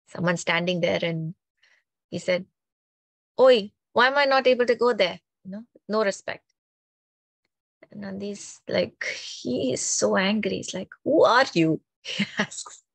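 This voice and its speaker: A woman telling a religious story in a lively, conversational way, often checking in with her listeners. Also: medium pitch, vocal fry, dry recording. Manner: animated, conversational, frequent "right?" tags. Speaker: spiritual storyteller. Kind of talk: storytelling talk on mythology.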